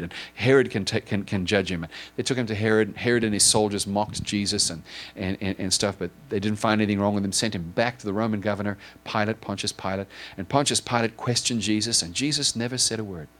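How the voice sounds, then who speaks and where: Retelling a story in an informal sermon, a man with a somewhat low, fairly bright voice keeps a steady tone. His delivery is halting and loose, full of restarts and strings of "and," and he sounds earnest and heartfelt.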